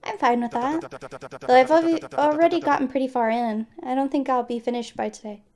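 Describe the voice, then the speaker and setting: A woman voicing a polite, reserved young man who speaks in a measured, formal way. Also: high voice, steady tone, a little mellow. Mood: calm polite.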